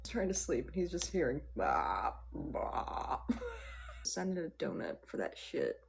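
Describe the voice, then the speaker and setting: A young woman chatting casually on a livestream, burping loudly between lines and asking viewers for tips. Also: lowish voice, big pitch swings, normal speed, creaky, a little hiss or hum.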